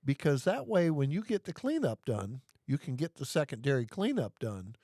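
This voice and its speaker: A man's voice: mid-range voice, big pitch swings, moderate pace, mellow, dry recording. A man chats as the host of a live show, easygoing and folksy, often tripping over his first words before getting going. His voice sits in an ordinary middle range, recorded dry and close with no room sound. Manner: folksy, repeats words when starting. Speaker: podcast host. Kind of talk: casual chat.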